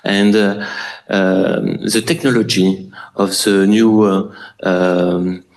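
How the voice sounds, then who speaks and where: A man with a French accent, a native French speaker, giving an architecture lecture in English with frequent pauses and restarts. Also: deep voice, little pitch movement, a little mellow. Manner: halting, many fillers and restarts. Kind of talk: public lecture.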